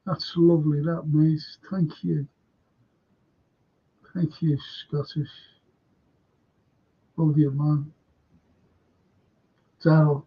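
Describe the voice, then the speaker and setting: Slow-talking husky man hosting a stream. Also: fairly high pitch, level tone. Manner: reads out viewers' comments and replies chattily. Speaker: host of a fan live stream. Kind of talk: casual live-chat reading. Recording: dull lo-fi stream audio.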